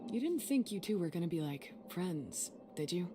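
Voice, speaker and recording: A man voicing a blunt, sardonic young woman in a game, talking in a mocking, sharp-tongued way. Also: sits high, very animated, normal speed, background noise.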